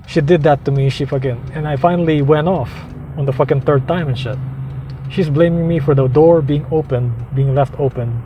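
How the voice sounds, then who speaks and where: Man, profane and heated, ranting straight to camera, voice sits a bit high; loud street traffic underneath. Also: muffled recording. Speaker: vlogger. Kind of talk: angry rant to camera. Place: outdoors, heading out to drive. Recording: noisy outdoor traffic.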